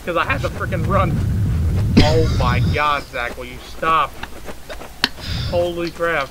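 A man's voice: a little high, takes it slowly. A man chatting over voice chat during a co-op game, exasperated and protesting at his friend's antics. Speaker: co-op gamer. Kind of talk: casual gaming chat over voice chat. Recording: loud game noise behind the voice.

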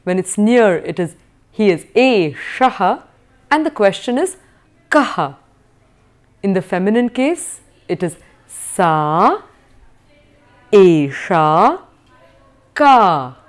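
Woman teaching sanskrit on video, slow careful drills, voice swoops up a lot on questions. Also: mid-range voice, sing-song. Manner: slow, deliberate drilling with exaggerated pronunciation. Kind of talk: recorded video lecture.

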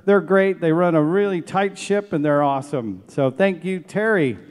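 A man's voice: on the high side, moderate pace, clear, resonant tone, in a large hall. A man, director of a steel band, giving heartfelt thank-yous to a live concert audience from an outdoor stage. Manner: emotional, warm thanks, chokes up.

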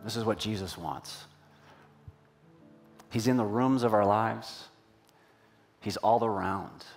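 A man's voice: fairly low pitch, slow pace, gravelly, soft background music. A man preaching a sermon in a church, telling a personal story and asking the congregation questions in a conversational way. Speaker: pastor.

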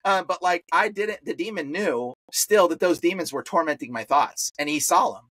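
A man talking as a podcast guest, spinning an animated tale in casual slang with many fillers. His voice sits high and sounds bright and forceful, recorded close and dry. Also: normal speed, breathy edge, no echo. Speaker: exorcist guest. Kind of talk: storytelling in a podcast interview.

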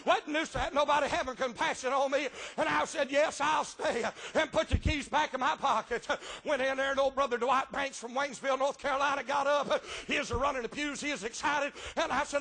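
High, gravelly preacher man. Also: steady tone, fairly quick, hardly any pauses. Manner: chanting shouted preaching with rhythmic "uh" breaks; folksy storytelling with dialect grammar. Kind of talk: revival sermon.

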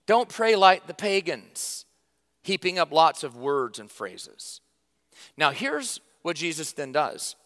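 A man preaching a sermon to his church, conversational and emphatic, with sudden loud stresses and quiet drops. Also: a little high, sing-song, slow pace, in a large hall. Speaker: pastor.

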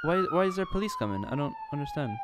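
A man commentating a game playthrough, his pitch leaping all over the place as he jokes and then turns earnest. He swears casually and keeps saying "dude". Game sounds and sirens come through loud behind his voice. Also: quick pace, very noisy. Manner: excitable, swings between joking and earnest. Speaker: gaming video host. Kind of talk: let's play commentary.

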